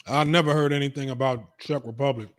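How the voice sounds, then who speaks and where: A young streaming talk show host gives casual reaction commentary that is blunt, profane and dismissive. He speaks quickly at a medium pitch in a steady tone, with no echo.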